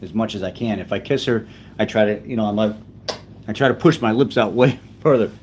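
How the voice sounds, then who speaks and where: A man hosting a casual livestream, chatting gently and unhurriedly as a father while he tends his baby. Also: lowish voice, fairly quick, a little hiss or hum.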